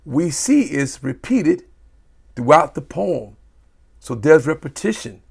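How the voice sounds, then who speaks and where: A man teaching a children's poetry lesson, reading aloud in an animated, playful way with sound effects. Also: a little high, slow pace, creaky, husky.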